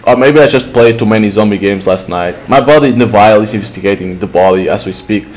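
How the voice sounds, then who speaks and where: A man reading the lines of a cowgirl woman with a folksy drawl, in his own low voice. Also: fast talker, darkish tone, close to an everyday voice.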